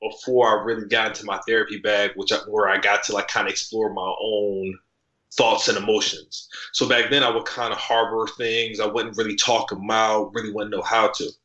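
Bright-voiced man in roomy sound. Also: on the low side, a little fast, dull audio. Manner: relaxed, rambling with many fillers and restarts. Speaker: podcast guest. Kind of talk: casual interview chat.

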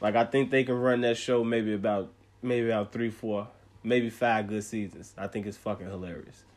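A man from the United States in casual podcast chat, animated and profane, quick to laugh. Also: fairly low pitch.

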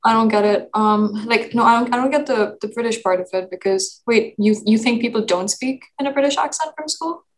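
A woman's voice: on the high side, fairly quick, hardly any pauses, slight background noise, rough recording. A young woman from Pakistan in a casual group discussion, talking with many fillers and restarts. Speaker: discussion participant.

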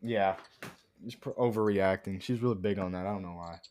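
A man's voice: deep voice, brisk, darkish tone, slight background noise. A young man co-hosting a podcast in casual chat, laughing often, swearing and mimicking people. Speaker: podcast co-host.

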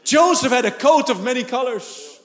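A pastor preaching a sermon, animated, laughing and shouting for emphasis. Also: male voice, extremely high pitch, normal speed, big-room sound.

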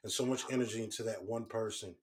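A man's voice: lowish voice, fairly even intonation, fast talker. A man co-hosting a casual talk, giving earnest, lecturing relationship advice. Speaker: co-host. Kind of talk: casual chat.

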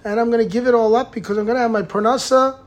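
A man voicing a zealous, stubborn simple laborer. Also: very fast. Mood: determined. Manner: insistent, rising to an excited pitch.

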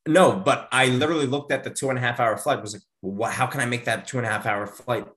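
A man in his thirties, a podcast host, telling a story in casual chat, animated and acting out the quotes with big jumps in pitch. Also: fast talker.

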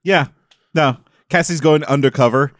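A man co-hosting a casual podcast, telling animated stories and laughing as he talks. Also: fairly high pitch, normal speed, no echo, clean studio sound. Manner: animated storyteller, laughs while talking. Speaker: podcast co-host. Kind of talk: casual chat.

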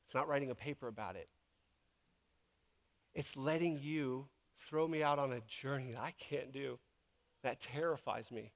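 A man's voice: mid-range voice, normal speed, creaky, long pauses. A man preaching as a pastor in a church, talking in an earnest, emotional and casual way full of fillers. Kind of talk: conversational sermon. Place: church sanctuary. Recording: long reverb of a large hall.

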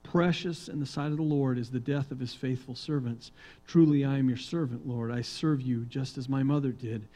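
A male pastor preaching a sermon, reading psalms aloud and swinging between hushed, quiet reading and loud, emphatic proclaiming. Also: mid-range voice, fairly even intonation, normal speed, low-quality recording.

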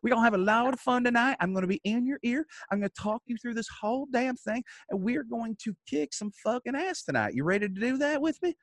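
A man's voice: very high voice, lively intonation, fast, hardly any pauses, no echo, pitched above the performer's own voice. A man putting on the voice of an older, upbeat backstage veteran who gives a swearing pep talk. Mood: rallying.

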